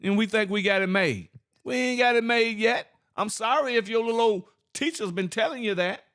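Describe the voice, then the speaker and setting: A man with teaching scripture informally, asking rhetorical questions, laughing and reading verses slowly. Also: high voice, fairly bright tone. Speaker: Bible teacher.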